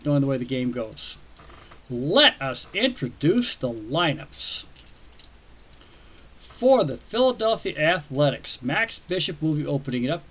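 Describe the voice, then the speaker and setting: A chatty man with a slightly high voice hosts a baseball video game for his viewers. He talks casually, wanders into rambling asides and pokes fun at himself.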